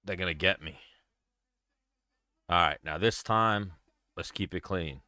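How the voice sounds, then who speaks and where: A young man hosts a casual livestream, his low, smooth, resonant voice staying bright and crisp. Speaking at a measured pace close to the mic in a dry room, he's blunt, swears freely and rambles.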